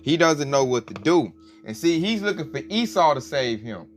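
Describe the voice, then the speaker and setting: Animated preachy man, faint music. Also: a little high, normal speed. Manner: emphatic, colloquial, laughs often. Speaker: religious commentator. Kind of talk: preachy commentary on clips.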